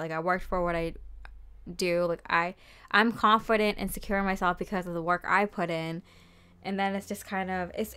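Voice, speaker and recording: A woman's voice: fairly low pitch, clear, resonant tone. A young woman giving a casual tarot reading, chatty and full of fillers, often acting out what people might say. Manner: chatty, lots of fillers and quoted voices. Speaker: tarot reader.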